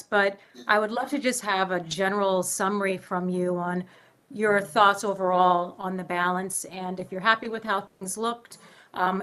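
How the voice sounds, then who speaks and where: A woman's voice: mid-range voice, a bit bright. Chatty woman with many fillers. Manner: casual, rambling, frequent um and like fillers. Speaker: school board member. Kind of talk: asking questions at a public meeting.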